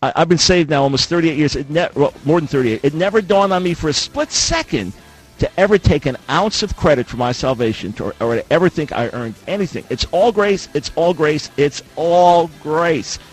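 A man's voice: a little high, expressive, fast talker, slightly rough, faint music behind, rough recording. A middle-aged man hosting a call-in radio show, arguing emphatically, quoting scripture and repeating phrases for stress. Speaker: radio host. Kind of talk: call-in talk radio debate. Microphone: studio microphone.

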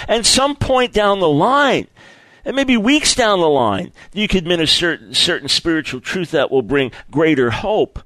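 Animated, higher-voiced male preacher. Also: normal speed, dry recording, rough recording. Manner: acts out quoted people vividly, repeats phrases for emphasis. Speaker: preacher teaching on apologetics. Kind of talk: sermon.

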